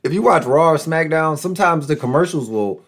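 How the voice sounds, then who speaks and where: A man hosting a casual podcast from a room at home, excitable and joking, with big swings in pitch and loudness. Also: fairly quick. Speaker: podcast host. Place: room at home with a door nearby.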